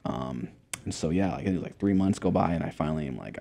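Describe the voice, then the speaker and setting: Low gravelly young man, laid-back. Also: lively intonation, fast, dark tone. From Montana, USA. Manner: laid-back, heavy swearing, many fillers. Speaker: interview guest. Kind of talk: casual storytelling interview.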